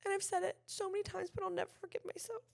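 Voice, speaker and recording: A woman's voice: very high-pitched, little pitch movement, rapid-fire, gravelly. A young woman, co-hosting a podcast, who rambles and pokes fun at herself as she tells her side of the story. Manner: rambling, self-deprecating storytelling. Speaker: podcast co-host. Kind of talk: casual chat.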